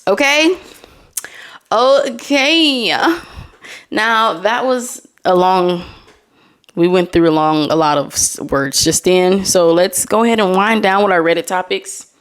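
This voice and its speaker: A woman's voice: medium pitch, slow pace, smooth. A young adult woman hosting a casual solo podcast, reading posts aloud and laughing between them. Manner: chatty, reads posts aloud with laughing asides. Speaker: podcast host.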